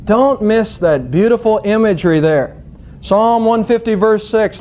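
A male pastor preaching a sermon, teaching scripture with an expressive, emphatic storytelling manner. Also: sits high, unhurried.

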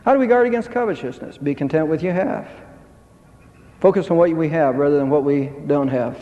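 Male pastor, emphatic preacher, higher-pitched voice, lo-fi recording in a big echoing church. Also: dark tone. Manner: emphatic preaching, rising pitch on key phrases. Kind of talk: sermon. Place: church sanctuary. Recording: dull sound with long hall reverb.

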